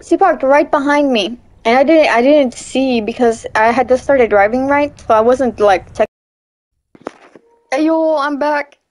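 A young woman streaming a game, telling chatty stories between loud, startled outbursts. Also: sits high, a little slow. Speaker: gaming streamer. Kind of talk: casual gameplay commentary.

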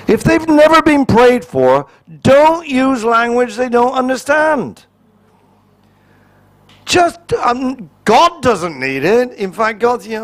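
A man's voice: very high-pitched, sing-song, unhurried. A man, a pastor, preaching a sermon in a conversational and humorous way, acting out little quoted exchanges.

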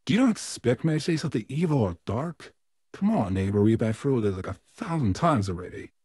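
A man voicing an evil male puppet neighbor in a fan audio role-play, smug and menacing, with a slow, theatrical drawl. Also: mid-range voice, sing-song, darkish tone, slightly rough, no echo, studio quality. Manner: slow, drawn-out, theatrical delivery with smug laughs.

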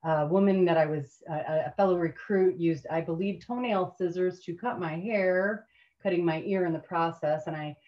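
Woman, fifties, from suburban Detroit, low-ish voice, self-deprecating storyteller, muffled video call sound. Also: normal speed. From suburbs of Detroit, USA. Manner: conversational, self-deprecating, many restarts and fillers. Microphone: video call mic. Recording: dull lo-fi video call audio.

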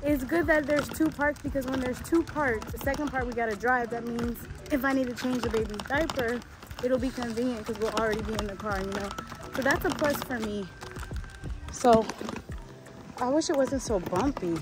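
A woman vlogging casually on a handheld camera at an outdoor wildlife park, chatty and animated. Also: fairly high pitch, moderate pace, noisy background. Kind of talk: casual vlog chat. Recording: music playing behind.

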